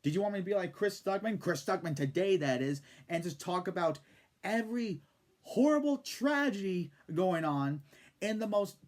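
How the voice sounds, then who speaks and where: A man's voice: high-pitched, expressive, moderate pace. A man ranting in casual video commentary, sarcastic and profane. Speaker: YouTube commentator.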